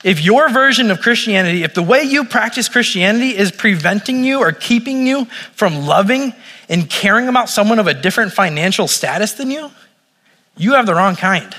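A man's voice: high-pitched, lively intonation, a little fast, pushed and bright, big-room sound. A man preaching a sermon to a room, in a casual, conversational way with lots of fillers. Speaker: pastor. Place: room with audience.

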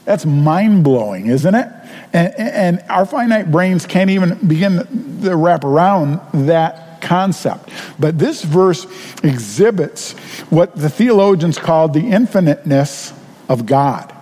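A pastor preaching a sermon in an earnest, conversational way, asking rhetorical questions of the congregation. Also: male voice, fairly high pitch, lively intonation, takes it slowly, mellow, in a large hall.

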